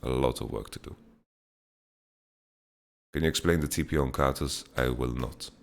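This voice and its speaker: Man with a very deep, gravelly voice. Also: fairly even intonation, normal speed. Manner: blunt, frank, laughs off questions. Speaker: podcast host answering viewer questions. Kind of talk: casual chat, Q&A.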